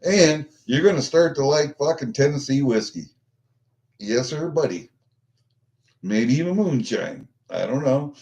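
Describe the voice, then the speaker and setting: A man's voice: medium pitch, animated, measured pace, gravelly, a little mellow. A middle-aged man chatting casually with his livestream viewers, rambling and swearing, with lots of fillers and restarts. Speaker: vlogger chatting with live viewers.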